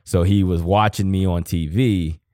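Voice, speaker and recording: A man with a very low, deep voice speaks casually and from the heart, rambling through his thoughts and swearing freely. The sound is dry and close, with no room echo. He is in his thirties and co-hosting a podcast. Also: fairly even intonation, moderate pace, warm tone. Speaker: podcast co-host. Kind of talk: casual emotional conversation.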